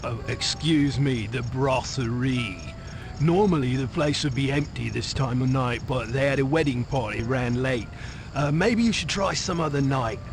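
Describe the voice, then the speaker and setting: A man's voice: medium pitch, moderate pace, over music, lightly acted. An actor playing a streetwise male informant in a game, with a weak attempt at a Cockney accent that comes out casual and surfer-like. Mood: laid-back. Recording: game audio with loud ambient noise.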